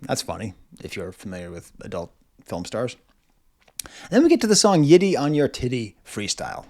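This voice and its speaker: A man in his forties gives a casual album review from his home. His pitch sits in the middle, and his talk keeps circling, filled with "like" and restarts. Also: big pitch swings, a little fast, mellow. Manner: rambling, self-interrupting, lots of "like". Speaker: music reviewer.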